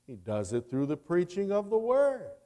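A man, a pastor, delivering a sermon in a slow, emphatic way with dramatic rises in his voice. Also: sits high, huge pitch swings, mellow, big-room sound.

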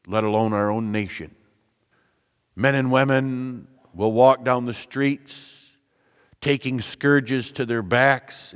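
A male pastor preaching a sermon, deliberate and emphatic, with repeated phrases and rhetorical questions. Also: mid-range voice, big-room sound.

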